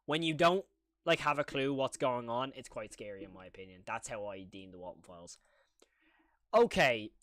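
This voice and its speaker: Excitable young man reacting to horror. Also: mid-range voice, moderate pace, no room sound. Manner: excitable, reacts aloud with repeated exclamations; chatty, answers viewer questions. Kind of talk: live reaction commentary.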